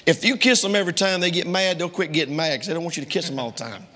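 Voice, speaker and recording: A man's voice: on the high side, racing, pushed and bright, in a large hall, a little hiss or hum. A man preaching a sermon to a congregation, quoting King James scripture emphatically and speaking to his listeners directly.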